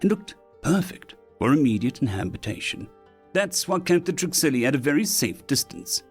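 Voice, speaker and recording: A man's voice: on the high side, sing-song, normal speed, breathy edge, faint music behind. A man reading sci-fi short stories aloud as scripted narration.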